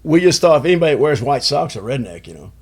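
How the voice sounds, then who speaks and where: A man's voice: mid-range voice, very animated, quick pace, husky. A man in his sixties from Chicago, telling rambling stories as a podcast guest, with lots of "you know" fillers. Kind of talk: casual storytelling chat.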